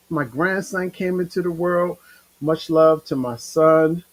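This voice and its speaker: A middle-aged man hosting his own livestream show, talking in a rambling, emotional, animated way. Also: on the high side, slow, poor audio. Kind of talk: casual livestream monologue.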